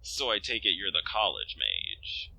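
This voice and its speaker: A man's voice: sits low, wildly swooping pitch, a little slow, gravelly, sharp tone, heavily acted, poor audio. A man voicing a confident young male party leader in a visual novel, friendly and a bit boastful.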